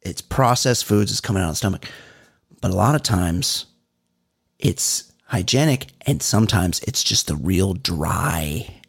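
A man's voice: measured pace, creaky, breathy edge. A middle-aged man co-hosting a comedy podcast in casual chat, acting out little exchanges with big swings in his voice. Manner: animated, acts out exchanges with big pitch jumps. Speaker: podcast co-host.

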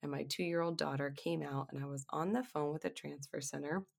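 A woman speaks in a deep voice with a gravelly rasp. She tells candid stories as a physician assistant on a podcast, animated and quick to laugh. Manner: animated, laughs often while telling stories. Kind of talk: candid storytelling interview.

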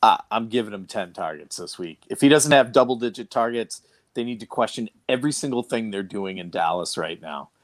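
A man with a Boston accent talking fantasy football as a co-host, in a halting way with many restarts and fillers. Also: fairly low pitch, lively intonation, no echo. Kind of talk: casual sports chat.

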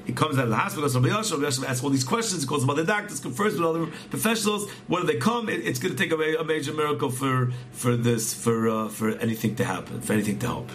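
A man's voice: on the high side, very fast, hardly any pauses, a bit bright. A man earnestly telling a religious story, often repeating words and restarting phrases as he goes. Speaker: storyteller teaching a religious tale.

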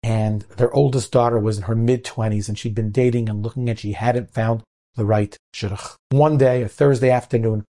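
A man, a rabbi, telling a story in an animated way and acting out the characters. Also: medium pitch, normal speed. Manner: animated, acts out characters' voices. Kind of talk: storytelling talk.

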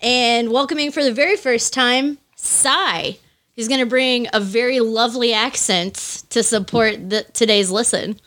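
A bright-toned American woman hosts a casual podcast. She is bubbly, giggles often and rushes from one thought to the next, friendly and unscripted. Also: on the high side. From United States. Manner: bubbly, laughs often, fast run-on talk. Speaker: podcast host. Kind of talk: casual chat.

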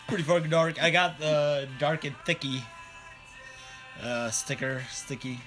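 A man's voice: fairly high pitch, unhurried, fairly bright tone, soft background music. Laughing, rambling podcast guy. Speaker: podcast co-host. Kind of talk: casual chat.

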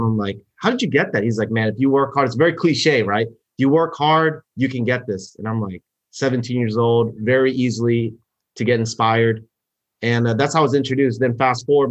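A man's voice: medium pitch, no echo. A middle-aged man telling his start in business in a casual interview, rambling with many fillers and restarts. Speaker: guest, network marketer. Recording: dull, muffled sound.

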